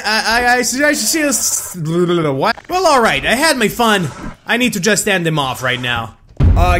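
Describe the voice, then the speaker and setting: A young man giving excited, loud gameplay commentary as a gaming video host. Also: very high-pitched, slight background noise. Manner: hyped, loud exclamations and laughter. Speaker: gaming YouTuber. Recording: background music under voice.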